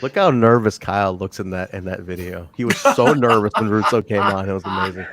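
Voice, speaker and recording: A man's voice: on the low side, very noisy. A man co-hosting a wrestling review podcast in casual chat, teasing the others and laughing often. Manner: animated, teasing, quick to laugh. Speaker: podcast co-host.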